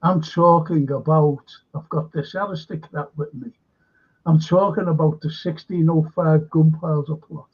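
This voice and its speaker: A man's voice: a little high, fairly even intonation, normal speed, husky. A man telling a rambling anecdote in casual chat, acting out the quoted lines with gusto. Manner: rambling storyteller, acts out quotes animatedly. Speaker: show co-host. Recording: dull lo-fi sound.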